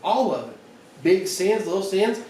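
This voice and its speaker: A pastor with a Southern American accent preaching a conversational evening sermon, retelling scripture stories with little voices and many restarts. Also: male voice, high-pitched, very animated, measured pace, mellow, slight background noise. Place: church sanctuary. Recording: echoey church from far off.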